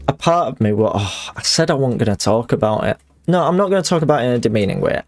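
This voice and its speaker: A man's voice: mid-range voice, expressive, quick pace. A man streaming a video game, chatting casually and reading in-game letters aloud, rambling and self-deprecating with frequent restarts.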